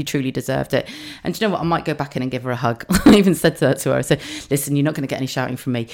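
Low-voiced, sweary chatty woman. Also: a little mellow. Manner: chatty, sweary storytelling with frequent laughs. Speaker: podcast host. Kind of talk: casual monologue.

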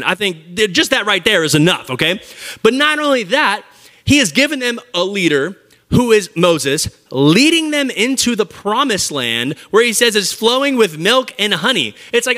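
Speaking straight to the crowd at a live church service, a high, bright-voiced man preaches a lively sermon in a conversational style. He keeps things energetic and full of jokes as he addresses the audience.

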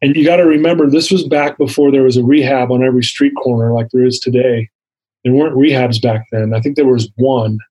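Husky man telling a heartfelt story. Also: mid-range voice, steady tone, fairly quick, warm tone, rough recording. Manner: earnest storytelling, acts out quoted dialogue. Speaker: guest. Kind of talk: personal testimony interview.

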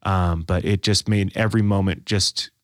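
A man's voice: sits low, fairly even intonation, moderate pace, no room sound, studio quality. A man talking earnestly in a casual faith discussion, often restarting his sentences. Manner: earnest, self-interrupting, many restarts.

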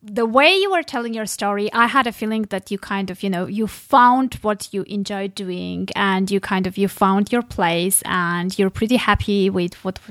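A woman hosting a podcast interview, chatty and quick to laugh. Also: mid-range voice, a bit bright, dry recording. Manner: chatty, laughs between remarks. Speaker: podcast host.

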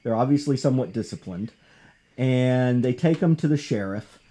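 A man hosting a casual talk show, discussing comics and history in an animated, conversational way. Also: moderate pace. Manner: animated, conversational, jumps in pitch for emphasis. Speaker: podcast host.

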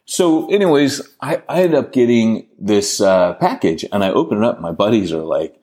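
A man with a low, husky voice tells a long anecdote on a podcast. His pitch swings widely as he rambles and pokes fun at himself. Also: big pitch swings, a little fast, hardly any pauses, darkish tone. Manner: rambling, self-deprecating anecdote telling. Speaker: podcast co-host. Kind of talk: casual storytelling.

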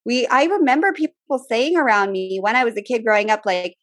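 A woman in her thirties co-hosting a podcast, talking fast and candidly in a casual chat. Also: a little high, lively intonation, dry recording, studio quality. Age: 30s. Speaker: podcast co-host.

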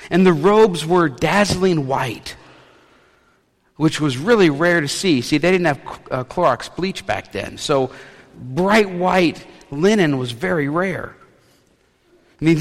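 Animated male preacher in a reverberant hall. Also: on the high side. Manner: animated storytelling with playful asides. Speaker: pastor. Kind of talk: sermon.

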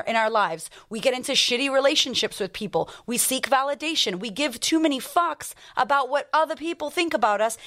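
High-voiced, blunt, profane woman coach. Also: fairly bright tone. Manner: rapid-fire rhetorical questions. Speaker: life coach and podcast host. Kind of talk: motivational podcast monologue.

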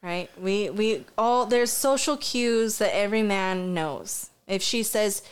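A woman's voice: medium pitch, slow, clear, resonant tone. A woman and mother co-hosting a podcast, chatting casually and telling stories frankly with frequent swearing. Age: adult parent. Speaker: podcast co-host. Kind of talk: casual chat.

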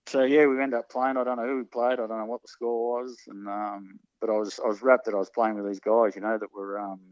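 A man with a low voice telling old stories in a relaxed, halting way, filling gaps with ums and restarting his sentences. The sound is dry and close but dull and muffled, as if recorded at reduced quality. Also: dry recording. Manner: hesitant, many ums and restarts. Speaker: interviewee, former soccer player. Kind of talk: casual reminiscing.

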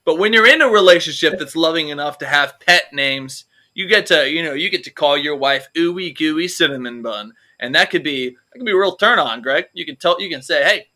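A man's voice: on the high side, pushed and bright. A man co-hosting a comedy podcast, rambling through jokes and swearing freely in casual chat. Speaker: podcast co-host.

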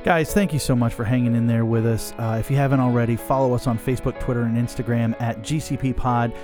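A man's voice: medium pitch, steady tone, over music. A man co-hosting a casual podcast as a pastor, easygoing and joking as he chats and signs off. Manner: easygoing, joking, quick sign-off patter.

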